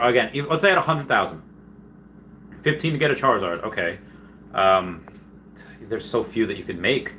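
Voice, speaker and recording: A man hosting a casual livestream, reading viewer comments aloud and rambling excitedly, often trailing off mid-sentence. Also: on the low side, a little hiss or hum. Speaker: livestream host.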